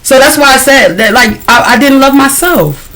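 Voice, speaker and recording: A woman's voice: high-pitched, expressive, normal speed, a bit bright, low-quality recording. A woman singer-songwriter guesting on a podcast, telling her story frankly and animatedly, with slang. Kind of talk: candid podcast conversation.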